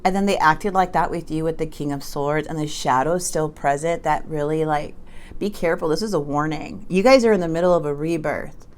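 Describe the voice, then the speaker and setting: A woman's voice: low-pitched, brisk. A woman giving a casual tarot reading to her viewers, chatty and emphatic, often stumbling and restarting her sentences. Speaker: tarot reader.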